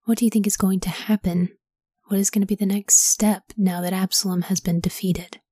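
A woman hosting a Bible podcast, reading scripture in a soft whisper and pausing to ask reflective study questions. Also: mid-range voice, fairly even intonation, slightly rough, no room sound, clean studio sound.

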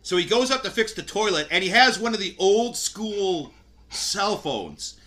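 A man with a higher-than-usual, bright and forceful voice hosts a casual movie podcast. He talks through scenes in a chatty way, sometimes slipping into quick mimicry of the characters. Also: very animated. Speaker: podcast host. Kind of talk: casual movie review chat.

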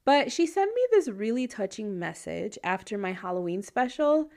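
Woman podcast host, giggly, casual, chatty with listeners, mid-pitched voice. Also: sing-song, normal speed. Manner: giggly, laughs often between sentences; chatty, warm asides to listeners with fillers. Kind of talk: casual chat.

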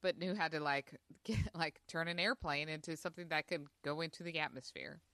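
A woman's voice: deep voice, a little fast, bright, forceful tone, dry recording. A woman co-hosting a podcast, chatting casually about a movie and agreeing with short reactions. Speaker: podcast co-host. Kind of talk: casual movie review chat.

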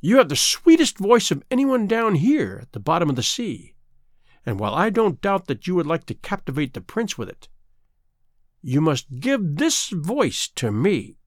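A man voicing a cruel, scheming female sea witch in a storybook reading, with a slow, taunting delivery. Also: on the high side, wildly swooping pitch, dry recording, studio quality.

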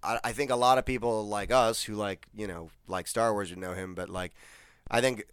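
A man in relaxed podcast chat who delivers jokes deadpan and lets sentences trail off. His voice is smooth and clear, close-miked in a dry room. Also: lowish voice, normal speed, no room sound. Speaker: podcast co-host. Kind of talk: casual chat.

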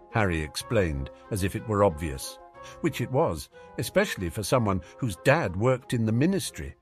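Male audiobook narrator, wry and animated, dry booth with faint music. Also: on the low side, normal speed. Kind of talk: audiobook fan-fiction reading.

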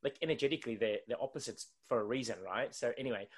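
A man's voice: mid-range voice, very fast, crowd noise. An Australian man co-hosting a podcast, chatting casually in a rambling way full of "like" and frequent laughter. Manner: rambling, heavy use of "like", laughs often. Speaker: podcast co-host.

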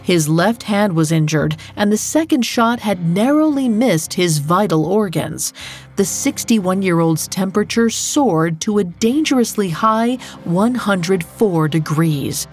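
A woman hosting a podcast, giving scripted true crime narration in a measured, dramatic way. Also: medium pitch, expressive, darkish tone, soft background music. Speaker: podcast host.

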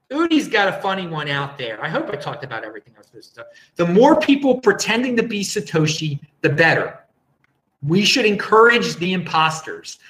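A man's voice: high voice, fairly bright tone, reverberant, poor audio. A man hosting a casual live-streamed show, rambling and chatty as he reads out viewer comments. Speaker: show host.

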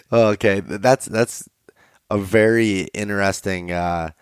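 A man's voice: fairly low pitch, fairly even intonation, a little slow, clean tone, dry recording, studio quality. A man from Pennsylvania hosting a casual interview, asking questions in a hesitant way.

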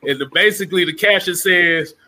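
A man co-hosting a casual sports talk show, animated and quick to laugh. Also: high voice. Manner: animated, laughs often, repeats "hold on". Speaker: co-host.

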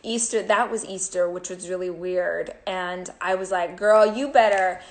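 A woman's voice: fairly low pitch, steady tone, moderate pace, slight background noise. A woman co-hosting a casual live show, telling a story in an emotional, rambling way with many fillers. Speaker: co-host.

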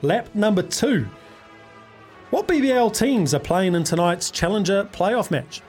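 A man's voice: sits high, expressive, a little slow, a little mellow, faint music behind. A man hosting a radio sports quiz, chummy and upbeat, calling callers mate. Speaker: radio sports show host.

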